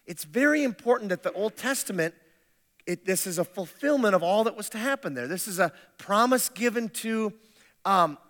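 A man's voice: high voice, lively intonation, normal speed, a bit bright. A male pastor giving a sermon in a conversational, humorous way, often restarting his sentences. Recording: long hall reverb.

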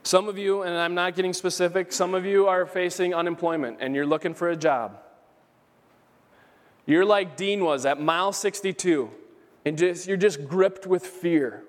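A man's voice: sits high, normal speed. A man pastor preaching an earnest, emphatic sermon in a church, repeating key phrases for emphasis. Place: church sanctuary. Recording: long hall reverb.

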